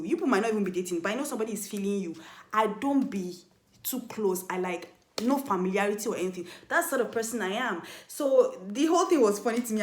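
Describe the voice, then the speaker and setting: A young woman telling a casual storytime vlog, animated, acting out quoted lines in a higher voice. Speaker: vlogger. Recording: echoey room.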